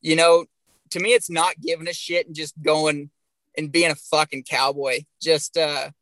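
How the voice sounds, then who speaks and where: A young man tells his stories with real energy, swearing all the way through. His voice sits a bit high and sounds bright and sharp. The recording is dry and close. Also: normal speed, dry recording, rough recording. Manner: animated, swears constantly. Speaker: guest, pro bull rider. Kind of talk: profane storytelling on a podcast.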